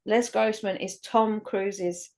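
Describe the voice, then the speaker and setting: A woman's voice: mid-range voice, steady tone, slow pace, darkish tone. Opinionated, sweary woman co-host. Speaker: podcast co-host. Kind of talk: casual chat.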